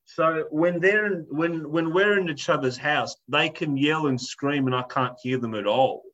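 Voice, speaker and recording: A man's voice: fairly high pitch, unhurried, a bit bright, highs cut off. A man telling a story in a casual chat, ranting animatedly, swearing and acting out the people in it.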